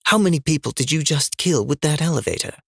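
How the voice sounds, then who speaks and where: A man's voice: on the high side, lively intonation, quick pace, vocal fry, a bit bright, breathy edge, no echo, clean studio sound, exaggerated voice. A man reading an earnest, strained male minister. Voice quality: earnest, trying to sound reasonable. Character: earnest male spiritual guide under strain. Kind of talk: audiobook reading.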